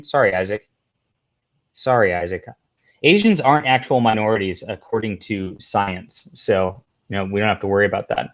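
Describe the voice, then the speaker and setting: A man hosting a casual livestream, rambling through commentary, reading posts aloud, talking to the chat and throwing in sarcastic asides. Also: fairly low pitch. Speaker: livestream host.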